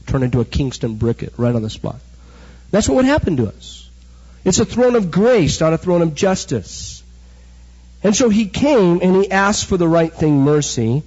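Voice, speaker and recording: Preacher, male, middle-aged, fairly high and a bit husky, dull lo-fi sound. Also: normal speed. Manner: animated storytelling preacher, acts out quotes. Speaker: pastor. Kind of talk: sermon. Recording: dull recording with hall echo.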